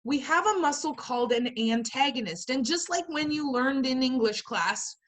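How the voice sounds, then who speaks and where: Woman instructor, lively and emphatic, lecturing over a webcam. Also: sits high, moderate pace. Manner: animated, chatty, emphatic. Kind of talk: online class lecture. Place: home video call.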